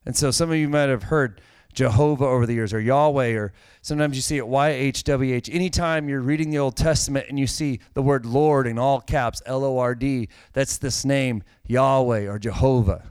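A man's voice: mid-range voice, normal speed, darkish tone, smooth, dry recording. A man preaching a sermon, with a casual, conversational manner and direct questions to the congregation. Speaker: pastor.

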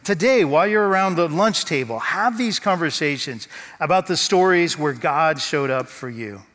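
Guy preaching a sermon, slightly high voice, big echoey church hall, slow storytelling. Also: lively intonation, fairly bright tone. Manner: storytelling, slow dramatic pauses. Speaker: pastor. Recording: long hall reverb.

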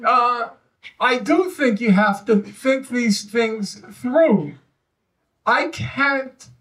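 A historian speaks at a live event, his voice pitched high for a man. He builds his story slowly and with emphasis, digressing as he goes. He sounds some distance from the microphone. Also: a bit bright. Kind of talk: live public discussion.

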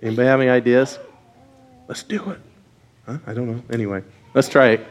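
A man with a mid-range voice delivers a children's message in a church sanctuary with the congregation, asking kids questions and leading call-and-response on a worn mic. He speaks flatly, a little fast, pausing often, with some chatter in the background.

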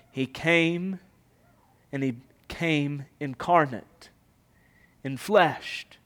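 Impassioned preacher, slow and dramatic. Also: male voice, on the high side. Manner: impassioned preaching, swelling loud and dropping to near whisper. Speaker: pastor. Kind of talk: sermon.

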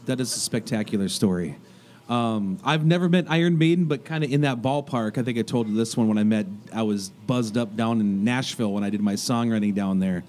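A man hosting a radio talk show, telling stories in a lively, laughing way. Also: fairly low pitch, a little fast, soft background music. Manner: animated, laughing storyteller. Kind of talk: casual storytelling chat.

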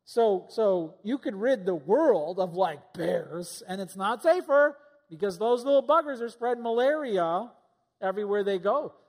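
A man's voice: sits high, lively intonation, a little slow, big-room sound. A man preaching a sermon in a conversational way, asking the congregation rhetorical questions. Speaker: pastor.

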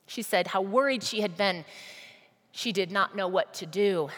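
A woman's voice: on the low side, moderate pace, pauses often, fairly bright tone. A woman preacher giving a sermon, telling a story emphatically and addressing the congregation directly. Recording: long reverb of a large hall.

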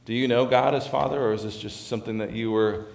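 A man's voice: mid-range voice, steady tone, fast talker, gravelly. A man delivers a heartfelt sermon, circling back and repeating himself as he works through each thought. His voice sits in a middle register. The room around him rings with a noticeable echo. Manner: earnest, repeats and restarts phrases. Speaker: pastor. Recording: roomy echo.

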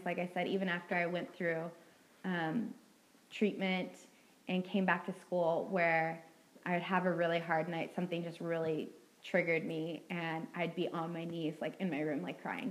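A young woman speaks in a slightly low voice, giving a personal testimony to a youth gathering. She is earnest and heartfelt, and she talks casually with many "like"s and "um"s. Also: little pitch movement, normal speed, low-quality recording. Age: young adult. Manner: earnest, heartfelt, frequent "like" and "um" fillers. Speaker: student speaker at a youth ministry meeting.

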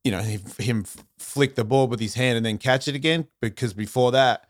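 A man's voice: mid-range voice, fairly quick, no echo. A man with an Australian accent, chatting loosely as a podcast guest. He tells stories full of swearing and acts out other people's lines. The sound is dry and close, with no room around it. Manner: profane storytelling with mimicked voices. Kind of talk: casual podcast chat.

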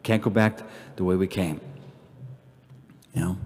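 Male priest, earnest homily with emphatic swells, somewhat low voice, echoing church. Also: steady tone, a little slow. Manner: earnest, rises to emphatic peaks then drops to hushed prayer. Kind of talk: homily at Mass. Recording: long church reverb.

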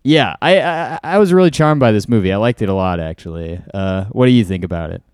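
A man's voice: lowish voice, expressive, fairly quick, a little mellow, clean tone, no echo, clean studio sound. A man co-hosting a podcast, talking casually about films in a hesitant, easygoing way with many uhs and restarts. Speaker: podcast co-host. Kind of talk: casual film discussion.

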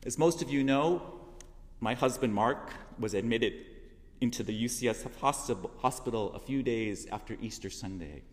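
A man speaking to his church congregation, telling a personal testimony in an earnest, heartfelt way that swells into loud emphasis. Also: medium pitch, normal speed, big-room sound. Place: church sanctuary.

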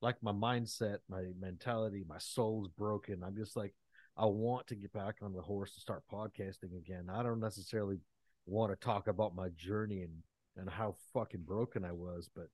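A man's voice: lowish voice, fairly even intonation, moderate pace, darkish tone, dry recording. A man co-hosting a podcast, talking casually and animatedly, swearing freely as he tells stories. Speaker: podcast co-host. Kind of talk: casual chat.

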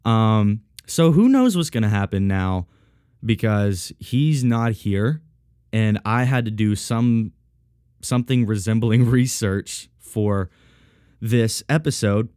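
Alone on his podcast, a man chats casually in a joking, rambling, self-mocking way, his voice thick, sniffly and deepened by a sinus cold. His pitch is fairly low with lively intonation, and he speaks slowly in a darkish tone. The recording is clean studio sound with no room echo.

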